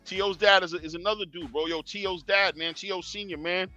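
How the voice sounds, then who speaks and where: A man's voice: sits high, steady tone, normal speed, pushed and bright, muffled recording, soft background music. A young man hosting a boxing talk stream in casual street slang, lecturing fighters directly and chuckling. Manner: slangy, talks straight to fighters, chuckling asides. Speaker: boxing show host.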